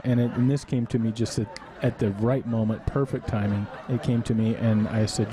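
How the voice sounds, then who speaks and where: Mellow-voiced man telling a story on a live stream. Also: mid-range voice, fairly even intonation, normal speed, hardly any pauses. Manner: rambling, self-deprecating, laughs often. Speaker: live webcast host. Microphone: desk microphone in a studio.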